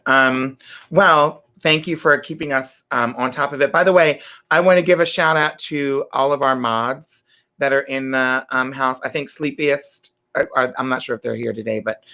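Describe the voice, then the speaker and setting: A woman hosting a livestream interview, chatting with her guest and reading viewer comments aloud in a lively, animated way. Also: a bass voice, normal speed. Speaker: talk show host.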